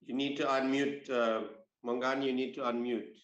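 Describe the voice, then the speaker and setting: A man opens and hosts a panel discussion, speaking in a measured, formal way with plenty of "uh"s once he leaves his script. His voice sits at an ordinary pitch. The sound echoes around the room on the video call. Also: level tone, fairly bright tone, dull audio. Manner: measured, with frequent fillers when speaking off-script. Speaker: host. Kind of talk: formal opening remarks and panel introductions.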